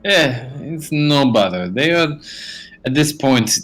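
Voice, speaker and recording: A man's voice: mid-range voice, expressive, takes it slowly, a bit bright, soft background music. A man chatting casually as a player in a tabletop game, hesitant and laughing often.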